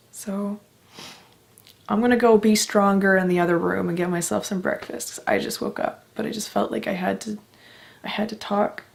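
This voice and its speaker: Slow, gravelly-voiced young woman vlogging. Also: mid-range voice. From Canada. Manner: emotional, heartfelt, swears casually. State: emotional, close to tears. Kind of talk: candid personal vlog.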